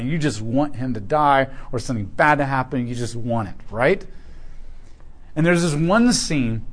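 A male pastor preaching a sermon in a conversational, storytelling way, putting questions to the congregation. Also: mid-range voice.

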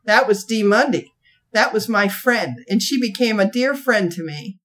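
A woman telling a long funny story from her church life in a folksy way, often laughing as she talks and jumping into high voices when she quotes people. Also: moderate pace, a bit bright. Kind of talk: animated storytelling chat.

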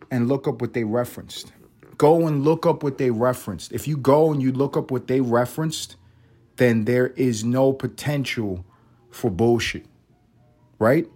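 A man's voice: medium pitch, a little mellow. A young adult man hosting his solo podcast in a casual, rambling monologue, swearing often and joking at his own expense. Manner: profane, rambling, self-mocking. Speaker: podcast host.

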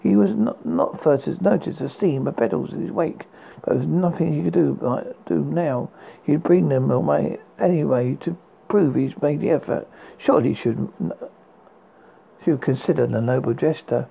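Gravelly man reading a fairy tale. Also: on the high side, normal speed, dark tone, rough recording. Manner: unpolished reading with frequent stumbles and restarts. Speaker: narrator. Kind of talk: storybook reading.

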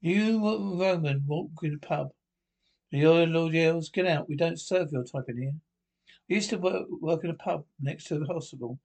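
A man reading a string of pub jokes aloud, halting and restarting often. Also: on the high side, darkish tone. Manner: halting read with frequent restarts. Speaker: joke teller.

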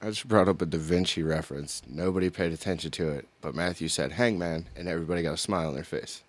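Man, deep voice, podcast co-host, joking banter, dry close sound. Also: fast talker, no echo. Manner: joking, self-aware banter. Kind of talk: casual chat.

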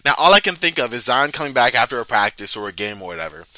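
Bright-voiced man talking sports, chatty. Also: mid-range voice, very animated, quick pace, hardly any pauses, dry recording. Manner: chatty, stammers and restarts, reads quotes aloud. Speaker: sports podcast host. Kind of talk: casual sports commentary.

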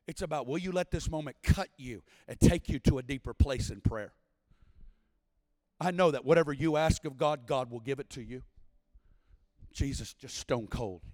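A man preaching a sermon at a church service, impassioned, building to shouts and sing-song cadences. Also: on the high side, no echo, long reverb tail. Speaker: guest preacher.

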